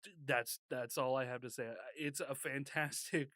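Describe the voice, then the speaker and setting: A man's voice: mid-range voice, steady tone, normal speed, fairly bright tone, no echo. A man co-hosting a casual podcast chat, joking and laughing often. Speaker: podcast co-host.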